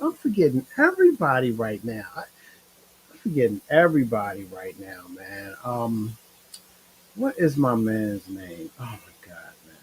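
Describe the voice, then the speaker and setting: A man's voice: mid-range voice, breathy edge, rough recording. A tired man hosting a casual live-stream chat, rambling in a laid-back, slangy way with lots of fillers. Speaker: show host.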